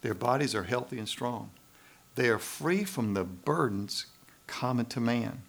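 A man's voice: mid-range voice, expressive, moderate pace, fairly bright tone. A man preaching a sermon, building emphasis and tossing in frequent questions to the congregation. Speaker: pastor.

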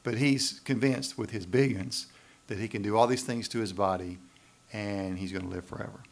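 A man's voice: fairly low pitch, steady tone, normal speed, vocal fry. A man preaching a sermon, building emphasis and tossing in frequent questions to the congregation. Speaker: pastor.

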